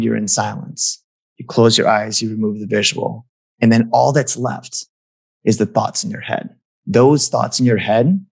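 Husky-voiced man musing reflectively. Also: mid-range voice. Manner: earnest, loose phrasing with frequent restarts. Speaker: guest. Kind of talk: reflective casual conversation.

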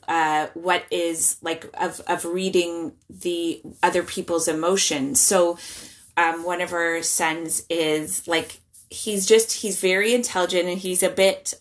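A woman in her thirties, a guest in a casual interview, talking chattily with many restarts. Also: lowish voice. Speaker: guest speaking about parenting.

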